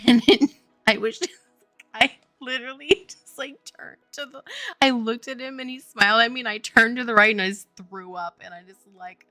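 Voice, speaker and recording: Woman streamer, bright forward tone, loose filler-heavy delivery, faint music behind. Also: a little high, normal speed. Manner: rambling storytelling, heavy use of "like", frequent laughter. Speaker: game developer streaming her work. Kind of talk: casual chat on a livestream.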